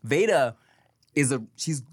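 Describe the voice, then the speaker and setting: Animated man telling stories, lively pitch. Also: measured pace, dry recording, studio quality. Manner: animated storyteller, swears freely, laughs often. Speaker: podcast co-host. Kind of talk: casual chat.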